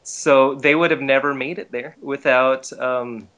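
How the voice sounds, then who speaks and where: Male voice actor guest, lively storyteller who acts out the quotes, easygoing chat. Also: mid-range voice, unhurried, dull audio. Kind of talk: casual chat. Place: based in Los Angeles.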